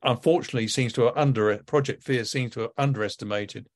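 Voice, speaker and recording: A man giving political commentary as a podcast guest, measured and hedging his points. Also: mid-range voice. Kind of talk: political commentary in casual chat.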